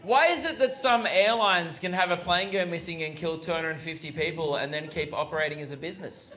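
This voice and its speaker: Australian stand-up, young, high voice, chatty crowd work, roomy stage mic. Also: male voice, a little fast. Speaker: stand-up comedian. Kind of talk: stand-up comedy. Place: large theater stage. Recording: roomy live theater sound, loud crowd noise. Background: audience laughter.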